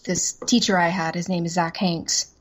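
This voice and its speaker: A woman voice actress from the American South, chatting as a guest in a casual interview, self-deprecating and quick to laugh. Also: on the low side, flat delivery. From Southern United States.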